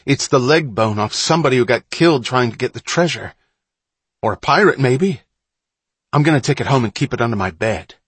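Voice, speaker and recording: A man voicing a bossy, hot-headed older boy in a storybook, talking loudly and boastfully. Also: mid-range voice, moderate pace, breathy edge, no room sound. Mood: excited boasting.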